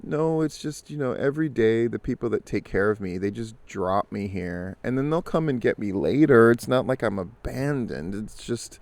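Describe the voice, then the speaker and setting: A man's voice: mid-range voice, lively intonation, moderate pace, hardly any pauses, darkish tone, dry recording, close to an everyday voice. A man voicing a needy young woman stuck on a bench, pleading in a plaintive tone while telling a joke.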